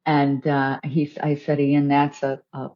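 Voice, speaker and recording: A woman speaking as a guest in an interview, musing at a relaxed pace with fillers and soft laughs. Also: sits low, unhurried, muffled recording. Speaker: guest, financial firm founder and author. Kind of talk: reflective interview conversation.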